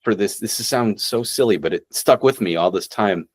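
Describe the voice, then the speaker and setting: A man co-hosting a podcast, telling a story in casual chat, relaxed, with many fillers. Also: lowish voice, moderate pace. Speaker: podcast co-host.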